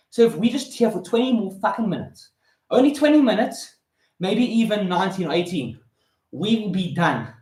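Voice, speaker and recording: A young man from South Africa, loud and fired up, swearing heavily and counting reps aloud while out of breath from push-ups. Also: high voice. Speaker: vlogger. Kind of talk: motivational rant while doing push-ups. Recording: roomy echo.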